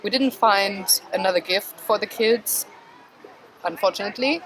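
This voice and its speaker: A woman's voice: mid-range voice, moderate pace, fairly bright tone, a little hiss or hum, low-quality recording. A woman vlogging in a casual, chatty way at an outdoor flea market, talking to the camera she holds and laughing easily. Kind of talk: casual chat.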